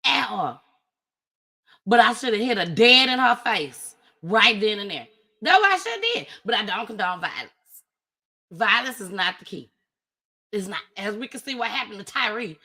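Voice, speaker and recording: A woman hosting her own show, telling a personal story in an animated, casual way with big swings in pitch and loudness. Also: normal speed, breathy edge. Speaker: host.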